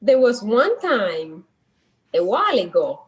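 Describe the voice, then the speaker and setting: A middle-aged woman from the Dominican Republic with a Dominican Spanish accent, whose first language is Spanish, telling stories as a podcast guest and often pausing to search for words. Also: medium pitch, poor audio. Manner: animated, searching for words, laughs easily. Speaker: guest, social worker. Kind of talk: casual conversational storytelling.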